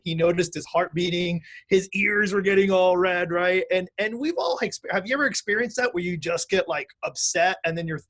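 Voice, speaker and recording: A man's voice: high-pitched, a bit bright. A middle-aged man teaching an online mindfulness lesson for musicians, chatty and self-correcting, laughing easily, over a video call.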